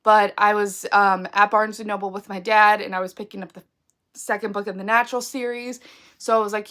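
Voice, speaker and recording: A woman's voice: medium pitch, steady tone, normal speed, bright, forceful tone. A woman chatting casually about her book haul, sick with a froggy voice and full of ums and likes. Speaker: book vlogger.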